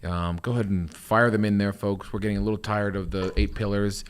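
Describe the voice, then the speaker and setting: A man's voice: on the low side, fairly even intonation, fairly quick, smooth. A man running a casual stock market livestream, passing questions to the panel and teasing them, with plenty of hesitation. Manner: joking, hesitant with fillers. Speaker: livestream moderator.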